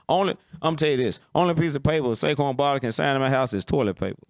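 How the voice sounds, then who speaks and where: Talking fast with few pauses, a gravelly-voiced man of medium pitch runs a casual football talk stream and delivers blunt, opinionated commentary. He repeatedly checks "you understand?", and the audio is dry without echo.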